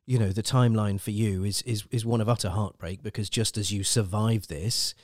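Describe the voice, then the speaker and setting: A man interviews his guest in a soft, careful way, stumbling over and repeating words as he builds each question. His voice is dry and close, with no trace of room echo. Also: fairly low pitch, fairly even intonation, a little fast. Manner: gentle, hesitant, many repeated words. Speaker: podcast host.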